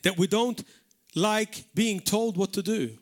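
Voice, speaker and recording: A pastor from Malta preaches a live sermon in a church hall, his high voice moving slowly. He is earnest and emphatic, repeating words to drive his points home.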